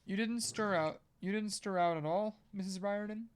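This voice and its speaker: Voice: mid-range voice, moderate pace, a little hiss or hum, natural voice. A reader with an American accent voicing a jovial middle-aged father in a novel, hearty and bantering, in close to their own voice.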